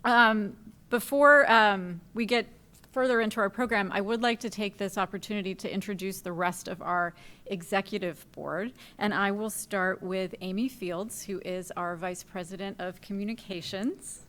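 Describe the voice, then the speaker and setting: Bright-voiced woman reading from notes. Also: mid-range voice, steady tone, moderate pace. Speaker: parent association co-president. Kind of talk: speech from notes.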